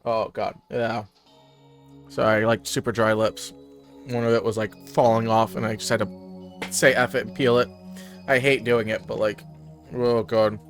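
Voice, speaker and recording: A man's voice: fairly low pitch, level tone, moderate pace, pauses often. A man who is under the weather, giving casual, chatty gameplay commentary and reading game text aloud. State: under the weather, chapped lips. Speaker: let's-play gamer. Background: music.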